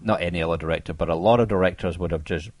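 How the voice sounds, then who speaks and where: Deep-voiced man retelling a film scene. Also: very fast, no room sound. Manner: animated retelling, swears freely. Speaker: podcast co-host. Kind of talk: casual horror film discussion.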